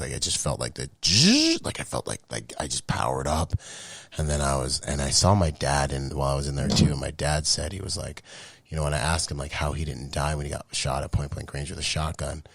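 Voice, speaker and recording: A man, a Marine veteran guest, telling a personal story in an emotional, animated way with many restarts. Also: rumbling low, a little fast, creaky, breathy edge, dry recording. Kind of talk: casual storytelling.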